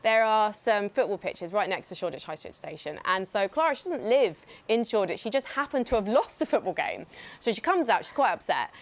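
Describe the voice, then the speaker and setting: A woman's voice: mid-range voice, very animated, fairly quick. Woman hosting esports stream, easy conversational tone, asks the co-hosts stuff. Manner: conversational, leads questions to co-hosts. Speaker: broadcast host. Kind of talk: live broadcast presenting.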